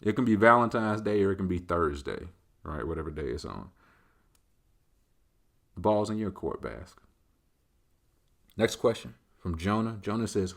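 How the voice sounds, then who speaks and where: A man with a lowish voice hosts a laid-back solo show, rambling through listener questions. He drifts between thoughts and leans on conversational tags as he talks it out. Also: lively intonation, moderate pace, vocal fry, long pauses. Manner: loose, rambling, conversational, leaning on filler tags. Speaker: host. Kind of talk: casual solo Q&A chat.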